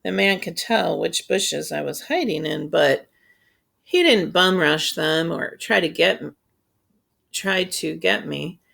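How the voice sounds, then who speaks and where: A woman reading a children's novel aloud in a steady, unhurried storytelling voice. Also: fairly low pitch, vocal fry. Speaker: audiobook reader. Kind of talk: scripted narration.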